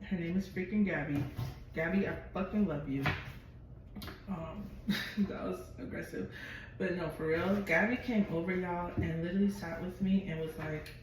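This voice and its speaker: Woman vlogger, chatty and expressive, voice from afar, very echoey room with noise behind. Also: on the low side, distant mic. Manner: chatty, expressive, swears freely. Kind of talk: casual storytelling to camera. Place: at home.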